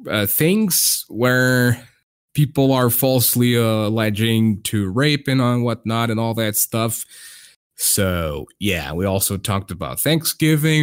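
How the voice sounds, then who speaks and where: Rambling young male podcast host. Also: medium pitch. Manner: rambling, hesitant with many fillers. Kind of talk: casual podcast chat.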